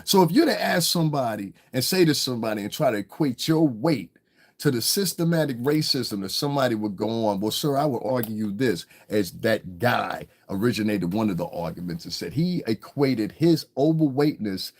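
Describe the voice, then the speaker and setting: A man's voice: medium pitch, animated, moderate pace. A man giving confrontational livestream commentary, blunt and profane, who keeps asking the listener if they understand. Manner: blunt, profane, repeats his questions to the listener. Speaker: online streamer and rapper.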